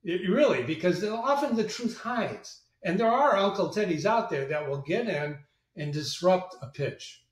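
A man's voice: high voice, unhurried. A middle-aged man, a marketing agency president, telling business anecdotes as an interview guest and acting out the voices in them. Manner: animated, acts out quoted voices. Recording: echoey room, distant mic.

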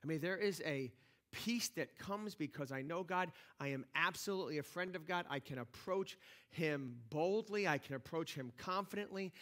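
A man's voice: on the high side, a bit bright. A man preaching a sermon as pastor in a church, talking conversationally with lots of restarts and rising energy. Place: church sanctuary.

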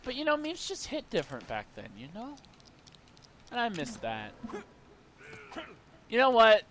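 A man's voice: high voice, wildly swooping pitch, a little slow, background noise. A young man casually commenting while playing a video game, rambling and wistful with sudden playful outbursts. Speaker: gameplay streamer.

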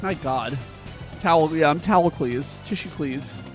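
A man streaming a game, chatting casually and gushing emotionally over his viewers, with halting restarts when earnest. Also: on the high side, faint music behind.

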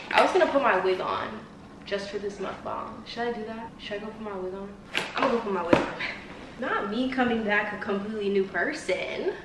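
A woman's voice: medium pitch, recorded from a distance, background noise. Chatty young woman, casual home vlog, roomy off-mic phone audio. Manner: chatty, bubbly, talks straight to viewers. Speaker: vlogger. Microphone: phone on tripod.

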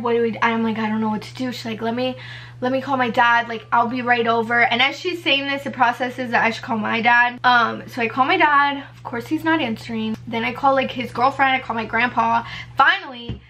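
A young woman with a high, bright voice tells a personal story to camera in a casual storytime style. She talks quickly and animatedly, packing in fillers and acting out every quote. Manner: animated, fast-paced retelling with many fillers and acted-out quotes. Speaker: vlogger.

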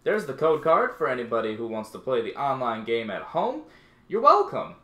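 A man giving casual, playful commentary while opening card packs, his voice jumping high when excited. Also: moderate pace, slight background noise. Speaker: YouTube unboxing host. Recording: echoey room.

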